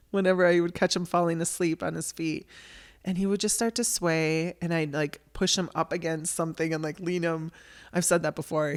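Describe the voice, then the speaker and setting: Candid woman telling her own story. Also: fairly low pitch. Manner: candid, conversational, with restarts and blunt language. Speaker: podcast host telling her caregiving story. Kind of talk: personal storytelling.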